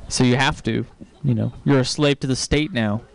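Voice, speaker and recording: A man from Texas doing stand-up, delivering deadpan one-liners and breaking into sudden shouts. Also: mid-range voice, normal speed, vocal fry. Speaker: stand-up comedian. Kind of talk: stand-up comedy set.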